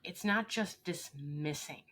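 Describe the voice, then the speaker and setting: A woman coach talking in an interview with a bright, forceful voice pitched a bit low. She speaks earnestly and with emphasis, and she often acts out short everyday exchanges to make her point. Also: slow. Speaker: leadership coach, guest. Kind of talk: interview conversation.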